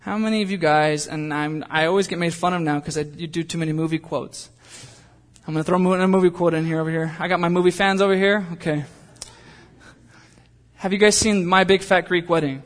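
A man's voice: on the high side, steady tone, fairly quick. A young adult man preaching as a pastor, talking conversationally with jokes and personal asides. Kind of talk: sermon.

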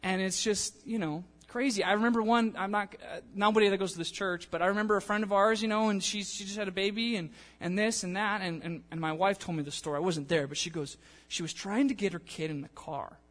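A young man preaching a sermon in a church in a casual, animated way, acting out the people he quotes. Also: high-pitched, fast talker, few pauses. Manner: animated, conversational, acts out quotes. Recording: long church-hall reverb.

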